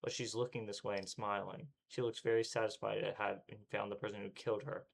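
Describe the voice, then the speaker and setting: A man's voice: on the low side, level tone, fairly quick, gravelly. A male streamer reading a visual novel aloud with dramatic delivery, acting out panting and breathlessness.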